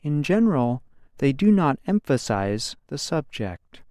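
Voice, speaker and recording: A man narrating a scripted grammar lesson in a slow, careful, explanatory way. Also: a little high, sing-song, mellow, dry recording, studio quality.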